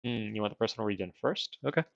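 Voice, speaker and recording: A man's voice: fairly low pitch, expressive, racing, vocal fry, dull audio, slight background noise. A man livestreaming a strategy game, chatting casually and thinking aloud in a rambling, self-deprecating way while wearing dental retainers. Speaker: streamer.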